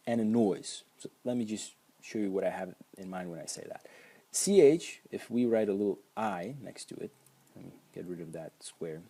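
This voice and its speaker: A man's voice: lowish voice, mellow, slightly rough. A man teaching pronunciation at a whiteboard, patiently repeating sounds for the learner. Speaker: language teacher.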